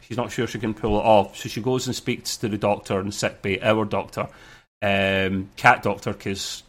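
A man's voice: fairly low pitch, little pitch movement, normal speed, a bit bright. A man co-hosting a casual review podcast, recapping an episode in an easygoing, chatty way. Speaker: podcast co-host.

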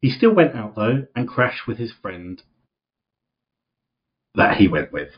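A man's voice: medium pitch, very animated, slow. A young man co-hosting a podcast, reading a post aloud in a jokey way and laughing often. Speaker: podcast co-host. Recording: dull lo-fi audio from the wrong microphone.

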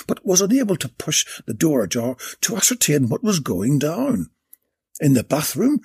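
A man reading his own comic erotic story aloud in a flat, deadpan way. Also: mid-range voice, gravelly, breathy edge, no echo, studio quality.

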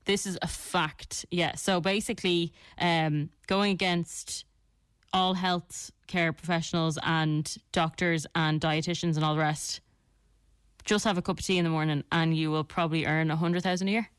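A woman's voice: on the low side, fairly even intonation, normal speed, clear, resonant tone, no room sound. Irish woman, 30s, radio co-host, chatty, defensive, dry close sound. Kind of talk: casual radio banter.

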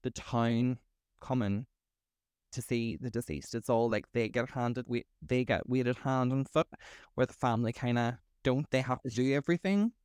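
A man's voice: medium pitch, moderate pace, a little mellow, smooth, no echo, clean studio sound. A man co-hosting a podcast, talking animatedly and swearing freely between laughs. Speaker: podcast co-host. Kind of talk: casual chat.

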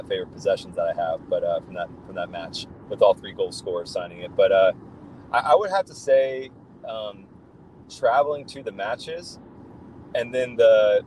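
A man's voice: lowish voice, darkish tone, slight background noise, rough recording. A man speaking as a podcast guest, telling rambling, enthusiastic stories full of fillers and restarts. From United States. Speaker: guest, football fan. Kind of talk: casual podcast chat.

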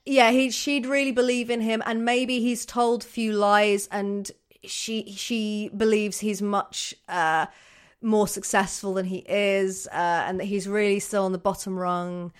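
A woman in her thirties co-hosting an improvised comedy chat, animated and laughing often. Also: medium pitch, a little slow, smooth. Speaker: co-host.

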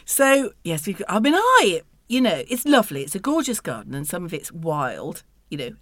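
A woman's voice: on the low side, very animated, normal speed, a bit bright, dry recording. A woman co-hosting a casual studio chat, wry, exasperated and self-mocking. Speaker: podcast co-host.

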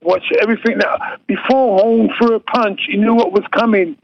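A man's voice: sits high, steady tone, moderate pace, gravelly, no room sound. A man in his fifties from England, guesting on a sports podcast, who laughs easily and repeats himself. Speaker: guest boxer. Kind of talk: casual interview chat. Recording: dull lo-fi line, faint noise.

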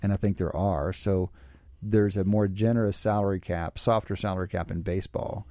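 A man's voice: sits low, fairly even intonation, normal speed, dark tone, dry recording, studio quality. A man co-hosting a podcast, asking probing questions and thinking aloud in casual sports talk. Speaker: podcast co-host.

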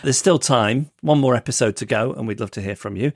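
A man's voice: medium pitch, a little fast, creaky, dry recording. A man with an English accent co-hosting a podcast in casual chat, dry and wry. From England. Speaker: podcast co-host.

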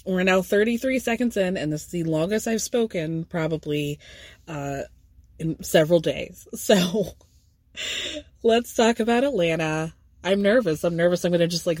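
A woman's voice: lowish voice, no room sound, clean studio sound. A woman hosting a podcast, congested, doing a casual recap in a chatty way, swearing and laughing often. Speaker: podcast host.

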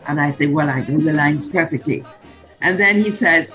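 A woman's voice: sits low, normal speed, a bit bright, soft background music, low-quality recording. An older woman from the Caribbean animatedly recounting a film shoot, acting out the quotes as a guest. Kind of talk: storytelling interview.

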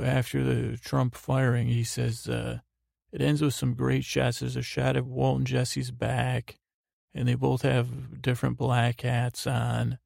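A man hosting a sleep podcast, slowly retelling episodes in a meandering way full of fillers and restarts. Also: mid-range voice, gravelly, a little mellow, no room sound, clean studio sound. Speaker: podcast host. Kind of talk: rambling bedtime recap.

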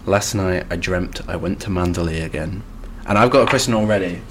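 A man's voice: low-pitched, fairly quick, background noise. A man co-hosting a literature podcast, giving background in a dry, understated chat with wry asides. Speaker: podcast co-host.

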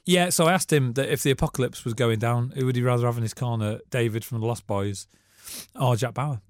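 A man, co-hosting a casual radio podcast with quick, jokey banter and frequent laughs. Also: mid-range voice, no room sound, clean studio sound. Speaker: co-host, journalist. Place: radio studio. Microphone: studio mic.

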